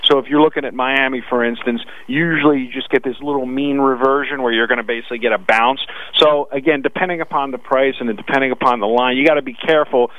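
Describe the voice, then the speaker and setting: A man with a Brooklyn accent analyzing sports betting odds on a radio talk show, talking fast with frequent restarts. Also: medium pitch, fairly even intonation, narrow, tinny audio. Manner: rapid with frequent restarts, "listen".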